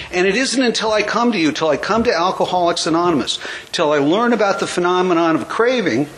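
A man's voice: high-pitched, fairly bright tone, a little hiss or hum, poor audio. An older man from the United States telling his story with wry humor at a recovery meeting, in a conversational way. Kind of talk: storytelling talk.

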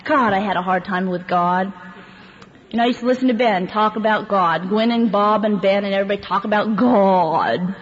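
A woman's voice: medium pitch, normal speed. A woman speaking at a recovery meeting, telling her story candidly and laughing often as she goes. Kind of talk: personal testimony to a recovery meeting. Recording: echoey hall, dull lo-fi sound, faint background noise.

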